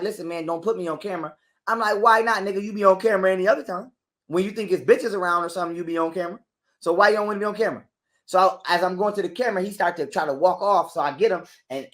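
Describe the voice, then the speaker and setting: Profane man telling a wild story. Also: high-pitched. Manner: animated retelling that acts out other people's lines. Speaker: interview guest. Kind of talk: profane storytelling in casual conversation.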